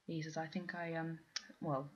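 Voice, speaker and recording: A woman's voice: low-pitched, little pitch movement, moderate pace, slightly rough, highs cut off. A young woman with a posh English accent, chatting casually through a vlog question list in a rambling, self-deprecating way with lots of ums. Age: young adult. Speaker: vlogger doing an accent challenge.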